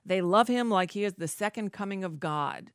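A woman's voice: medium pitch, moderate pace, clear, resonant tone, no room sound, studio quality. A woman hosting casual political commentary, sarcastic and rambling with many fillers.

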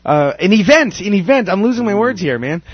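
A man's voice: high-pitched, very animated, brisk, breathy edge, no echo, dull audio. A man hosting a casual podcast chat, telling a story animatedly with many restarts. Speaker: podcast host. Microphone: studio microphone.

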